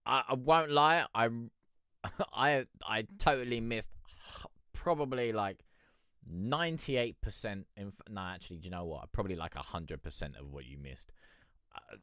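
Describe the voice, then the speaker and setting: A man's voice: fairly low pitch, normal speed, pushed and bright, smooth, no echo, clean studio sound. A man hosting a music review livestream, chatting casually in a rambling way, swearing freely and laughing often. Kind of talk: casual live-stream chat.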